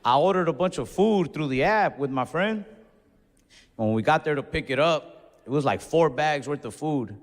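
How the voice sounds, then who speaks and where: A man's voice: fairly high pitch, expressive, normal speed. A man doing stand-up comedy, telling a story in a casual, profane, exasperated way on a club stage. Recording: reverberant venue with faint audience noise.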